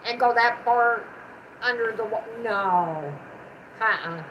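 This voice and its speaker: A woman's voice: on the high side, slow, highs cut off, slight background noise. A middle-aged woman with a Southern American twang, chatting affectionately on a casual livestream. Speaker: co-host of a livestream, the channel owner's mother.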